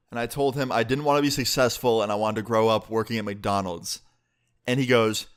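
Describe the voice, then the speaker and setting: A young man telling a profane storytime about school, with sudden jumps in pitch. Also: fairly even intonation, brisk, clear, resonant tone. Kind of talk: casual storytime.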